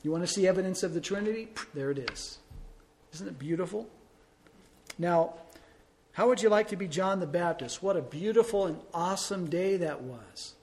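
A male pastor preaching a sermon in a conversational way, asking the congregation rhetorical questions and swinging between loud emphasis and soft asides. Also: high voice, normal speed.

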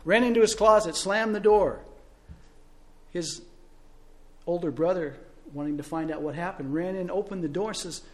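A male pastor preaching a sermon, telling stories and asking rhetorical questions, swinging between loud and soft. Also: high voice, moderate pace, long pauses.

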